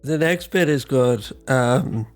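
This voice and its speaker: A man co-hosting a comedy podcast delivers dry, wry asides and breaks into easy laughter. Faint music runs quietly behind him. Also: mid-range voice, takes it slowly. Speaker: podcast co-host. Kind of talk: casual comedic chat.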